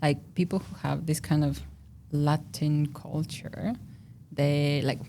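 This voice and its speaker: A young woman with a Mexican accent, a native Spanish speaker, chatting expressively as a podcast guest who laughs loudly and talks a lot. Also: sits low, fairly even intonation, slow, slight background noise. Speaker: guest researcher. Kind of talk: casual podcast interview.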